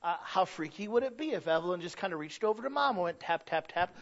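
A man in his thirties preaching a sermon as pastor, swinging from loud pleading to quiet asides. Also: sits high, expressive, quick pace, lo-fi sound.

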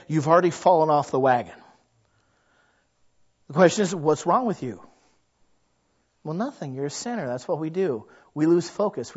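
A man's voice: fairly high pitch, lively intonation, a little fast, highs cut off. A man preaching a sermon in a conversational way, acting out the thoughts of his listeners. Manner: conversational, acts out quoted inner voices. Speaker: pastor.

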